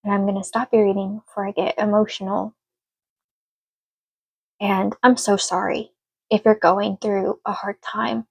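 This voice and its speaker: A woman's voice: mid-range voice, level tone, a little slow, gravelly, long pauses, breathy edge, no room sound. A woman giving a casual spoken tarot reading, earnest and emotional, speaking reassuringly to her listener. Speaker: tarot reader.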